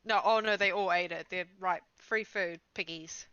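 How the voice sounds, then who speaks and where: A woman with a bright, forward voice chats and jokes as a player in a tabletop game. The sound is dry and a little dull, as if from a modest mic. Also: on the low side, fairly even intonation, normal speed, smooth, no echo. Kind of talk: casual tabletop game chat.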